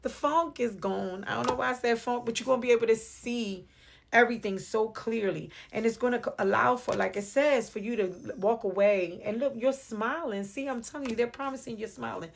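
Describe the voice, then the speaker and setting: A woman's voice: a little high, brisk, gravelly, slight background noise. A woman with a New York accent giving a casual, playful tarot reading to camera, calling the viewer "beloved". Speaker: tarot reader. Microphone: phone or webcam on video.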